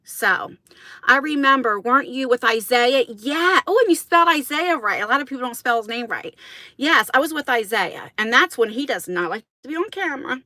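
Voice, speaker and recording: Woman livestreamer, high voice, casual rambling chat with viewers, dry close sound. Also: expressive, normal speed, bright, forceful tone, no echo. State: out of breath. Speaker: vlogger hosting a livestream. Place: outdoors in wind, then inside a parked car. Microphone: phone on a selfie stick.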